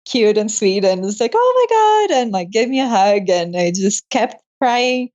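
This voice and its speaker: A woman's voice: medium pitch, moderate pace, darkish tone, dull audio. A young woman, a medical student, telling her story in a casual interview, emotional and laughing often.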